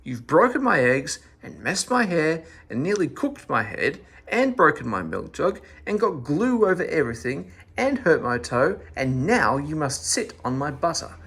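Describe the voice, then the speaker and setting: A man voicing Mother Hey-Ho, a fierce old woman who scolds and yells, in a storybook reading. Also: sing-song, slow, gravelly, few pauses, breathy edge, full character voice. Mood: furious. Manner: yelling, shrill scolding. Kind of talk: storybook read-aloud.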